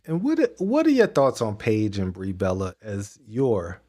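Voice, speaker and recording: A man with a fairly low voice co-hosts a casual podcast, talking loosely and circling back with restarts and "um"s. His delivery is relaxed, everyday chat between friends. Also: unhurried. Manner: rambling, many restarts and fillers. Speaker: podcast co-host.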